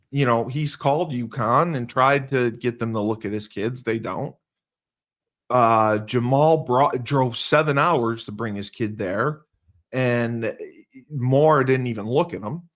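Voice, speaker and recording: A man's voice: medium pitch, takes it slowly. A man, a football coach hosting a casual podcast chat, talking in a rambling, teasing way with many fillers.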